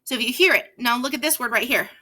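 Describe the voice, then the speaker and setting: Young woman, children's reading teacher, crisp high voice, patient and slow with each word. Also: pushed and bright. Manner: patient, explains slowly, stretches words out.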